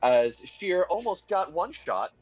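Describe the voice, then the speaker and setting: A man's voice: sits high, very animated, slow, slightly rough, no room sound, highs cut off, faint music behind. A man casually recapping a tabletop game session, rambling with lots of fillers. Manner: rambling, hesitant with many fillers. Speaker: player giving session recap.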